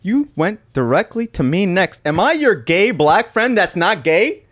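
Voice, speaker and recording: A man co-hosting a comedy podcast, teasing his friend with mock-dramatic complaints. His voice sits a bit high for a man and leaps all over the place as he talks. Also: very animated, unhurried, a bit bright. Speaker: podcast co-host. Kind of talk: casual comedic chat.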